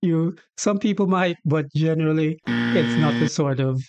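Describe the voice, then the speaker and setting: A man from Jamaica with a Jamaican accent, casually explaining his native Patois as host and acting out bits of dialogue in a chatty, relaxed way. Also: a little high, moderate pace, vocal fry, dull audio, a little hiss or hum.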